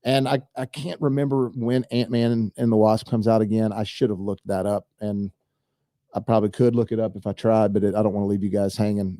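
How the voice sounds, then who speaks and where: Casting note: man, solo movie-news host, mellow dark tone, dry close sound, rambling and eager. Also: lowish voice, dry recording. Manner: rambling, enthusiastic, talks straight to viewers. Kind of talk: casual solo commentary.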